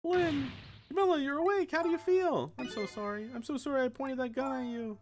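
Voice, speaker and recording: A caring young woman detective speaks in a high, anxious, apologetic voice, as a streamer puts her on, far above the reader's own pitch. Game music plays behind her. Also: a little fast, close to an everyday voice.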